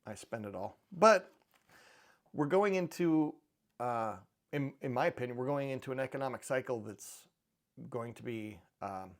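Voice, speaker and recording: Middle-aged man, mid-pitched, loose rambling vlog talk with dry offhand jokes. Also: animated, normal speed. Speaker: precious metals channel host. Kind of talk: casual chat to camera.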